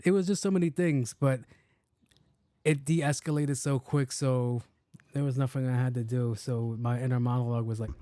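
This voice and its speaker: A man's voice: mid-range voice, fairly even intonation, moderate pace, warm tone, no echo, studio quality. A young man, hosting a podcast and telling profane, joking stories in a casual style. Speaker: podcast host. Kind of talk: casual storytelling.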